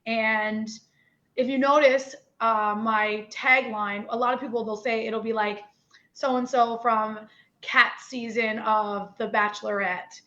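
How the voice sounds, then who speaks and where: A woman's voice: a little high, slow. Candid young Newfoundland woman, dull audio. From Newfoundland, Canada. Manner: animated, candid, lots of "like" and "you know". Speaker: podcast guest. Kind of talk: candid interview chat.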